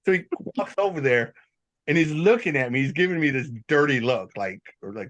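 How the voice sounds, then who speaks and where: A man hosting a podcast, telling stories in a rambling, animated, casual way. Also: fairly high pitch, fairly quick. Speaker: podcast host. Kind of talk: casual storytelling chat.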